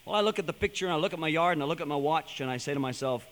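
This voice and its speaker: A man with a high, bright, forceful voice tells a story as a sermon-style talk, animated and building to emphatic points. His voice carries a long reverb from a large hall. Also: very fast. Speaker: speaker addressing a young audience.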